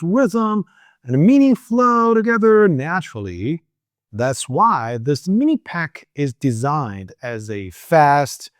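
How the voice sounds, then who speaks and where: A man who is not a native English speaker, teaching English pronunciation in a lively, coaching way with many fillers. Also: fairly high pitch, no echo, studio quality. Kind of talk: pronunciation lesson.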